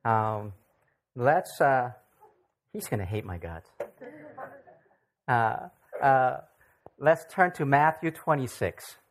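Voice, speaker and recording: A visiting Bible teacher leading a casual church study, speaking haltingly with frequent fillers and often checking in with the group. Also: medium pitch, animated. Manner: halting, many fillers, keeps checking in with "okay?". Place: church gathering.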